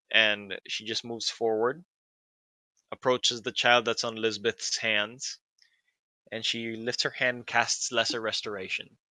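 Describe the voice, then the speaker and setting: A man narrating as game master of a tabletop role-playing game, describing scenes calmly. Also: mid-range voice, dry recording, low-quality recording. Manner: calm descriptive narration with fillers.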